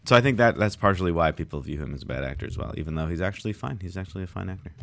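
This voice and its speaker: A man from Canada with a very low, deep voice, chatting loosely on a podcast. He rambles and restarts his thoughts, recorded dry and close with no room sound. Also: animated, rapid-fire, vocal fry, fairly bright tone, no room sound. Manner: rambling, restarts often, tries impressions. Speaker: podcast co-host. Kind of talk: casual chat.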